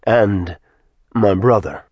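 A man's voice: fairly low pitch, slow pace, a little mellow, husky, no room sound. Man doing arrogant demon lord, cold gloating threats, audiobook, dry recording.

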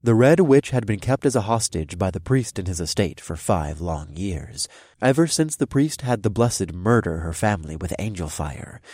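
Lively low-voiced male narrator. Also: no room sound, clean studio sound. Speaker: audiobook narrator. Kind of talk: scripted first-person fantasy narration.

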